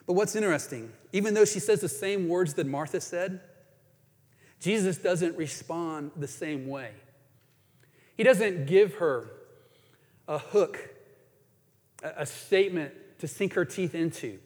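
A man preaching a sermon in an earnest way, moving between emphatic lines and hushed ones. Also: high voice, measured pace, long pauses. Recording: reverberant hall.

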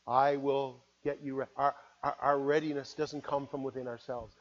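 A man preaching a sermon, earnest, moving between loud appeals and hushed, quiet words. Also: mid-range voice, little pitch movement, normal speed, few pauses, dull audio. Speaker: pastor.

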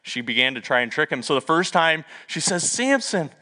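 Bright-voiced storytelling pastor. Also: male voice, on the high side, brisk. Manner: lively storytelling with asides and self-deprecating humor. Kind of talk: sermon.

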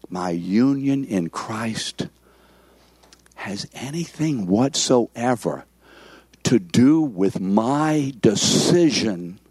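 Slow, emphatic male pastor, dry close sound, repeats points and asks for amens. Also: mid-range voice, breathy edge, no room sound. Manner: emphatic, repetitive, calls for amens. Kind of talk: sermon.

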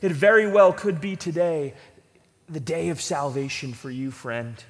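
A pastor preaches earnestly in a church sanctuary before a congregation, pleading and repeating points for emphasis. His voice is fairly high at a measured pace, carried by the long reverb of the church hall.

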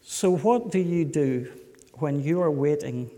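A man pastor preaching a sermon, slow and emphatic, putting rhetorical questions to his congregation. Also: on the high side, expressive, warm tone. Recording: echoey hall.

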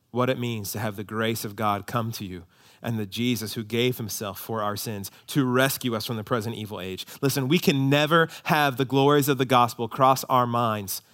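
A man preaching a sermon, swinging between hushed, low emphasis and loud, high-pitched exhortation. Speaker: pastor.

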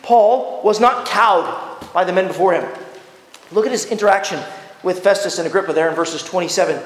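A man preaching a sermon in an earnest, pleading way, slowing down for emphasis. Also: high voice. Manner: earnest, pleading delivery with slow emphatic phrasing. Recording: echoey hall with long reverb.

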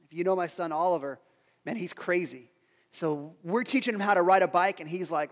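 A man in his thirties preaching a sermon, earnest, who repeats phrases and goes soft for prayers. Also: high-pitched, moderate pace, creaky. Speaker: pastor. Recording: long hall reverb with soft music behind.

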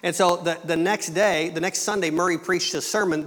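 A middle-aged man giving a missionary presentation in a church, talking in a relaxed, conversational way with light humor. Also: sits high, normal speed, in a large hall. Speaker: missionary speaker. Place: church sanctuary.

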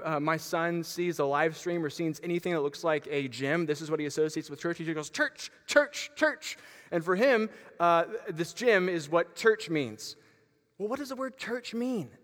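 Male pastor, lively storytelling sermon, slightly high voice, reverberant hall sound. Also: normal speed. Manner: animated, with frequent fillers and restarts. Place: church gym.

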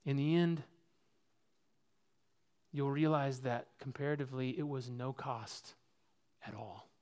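A man preaching a sermon as pastor, earnest and personal, swinging between loud, high exhortation and quiet, low reflection. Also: fairly even intonation, unhurried.

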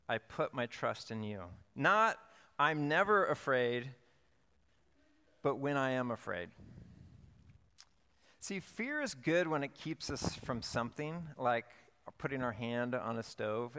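A pastor delivering a sermon, telling stories in a playful yet earnest way with lively emphasis. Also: male voice, medium pitch. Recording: long hall reverb.

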